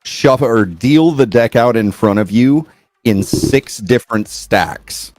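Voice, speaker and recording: A man co-hosting a casual card game stream, explaining in a measured way with small restarts. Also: medium pitch, darkish tone, no room sound. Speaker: co-host player. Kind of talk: casual chat.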